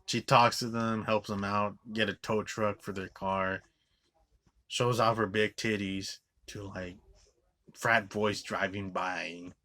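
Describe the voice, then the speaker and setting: Man, low-ish voice with a sharp edge, profane rambling reviewer. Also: steady tone, slow pace. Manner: rambling with constant "like" fillers and restarts; swears often, scornful. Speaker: movie reviewer. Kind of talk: profane ranting movie review.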